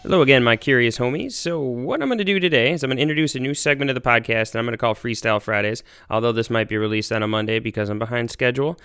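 An American man hosting a science podcast, talking in an energetic, rambling, excitable way. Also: mid-range voice, racing, few pauses, clear, resonant tone, faint music behind. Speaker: podcast host. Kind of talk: enthusiastic casual science podcast.

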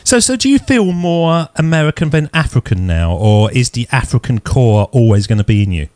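A man's voice: mid-range voice, very animated, normal speed, darkish tone, no echo, clean studio sound. A man interviewing a guest, asking probing questions with frequent stammered repeats.

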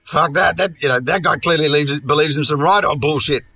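A man's voice: fairly high pitch, a little fast, pushed and bright, breathy edge, no echo. A man hosting a podcast, telling a story in a casual monologue full of profane, sardonic, rambling asides. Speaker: podcast host.

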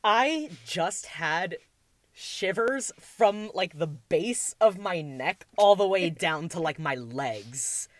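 Woman, podcast guest, slow talker, lively pitch, dry close sound, giggly. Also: dry recording. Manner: giggly, many fillers. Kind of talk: casual chat.

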